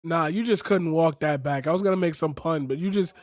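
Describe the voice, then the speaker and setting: Guy reacting to clips, high pitched, cussing, totally incredulous, dead dry sound. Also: fairly quick, a little mellow, dry recording. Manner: incredulous, blunt, swears a lot. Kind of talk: profane reaction commentary.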